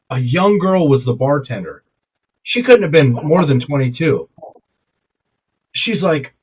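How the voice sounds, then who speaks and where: A young man telling stories in loose, profane casual chat, with a fairly high voice. His voice comes through thin and tinny, like a phone line. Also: husky. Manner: profane, animated storyteller who jumps high in pitch when quoting himself. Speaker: podcast co-host.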